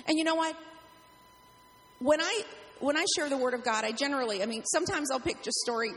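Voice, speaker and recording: Brief: middle-aged woman pastor, animated storytelling sermon, high voice, long hall reverb.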